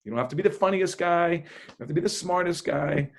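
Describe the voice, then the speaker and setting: A man, a magician, talking in a lively podcast interview, with loud bursts of enthusiasm and frequent laughter. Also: high voice, quick pace, gravelly. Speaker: magician guest.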